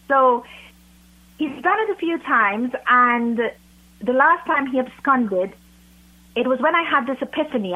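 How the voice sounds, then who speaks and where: A woman from Trinidad and Tobago with a British accent, a guest author speaking warmly and earnestly in an interview. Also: fairly high pitch. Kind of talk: interview over a phone line. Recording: tinny phone line.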